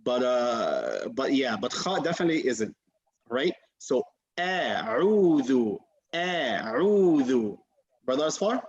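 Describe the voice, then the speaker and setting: A man's voice: mid-range voice, huge pitch swings, normal speed. Patient man teaching on a video call. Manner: patient, encouraging, demonstrates sounds. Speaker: Quran recitation teacher. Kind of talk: online class teaching. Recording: muffled video call audio.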